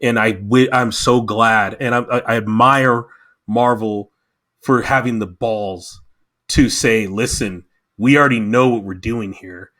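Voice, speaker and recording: A man's voice: on the low side, unhurried. A man in casual chat on a podcast, talking with passion and getting emotional as he reviews a show. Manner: impassioned, animated. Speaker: podcast guest.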